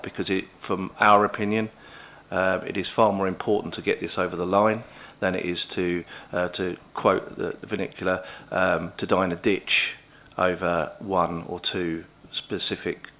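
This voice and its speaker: A man's voice: low voice, pushed and bright, slight background noise. A police chief inspector, a man, addressing a council committee in a council chamber, speaking plainly with many hesitations. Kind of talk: formal committee remarks.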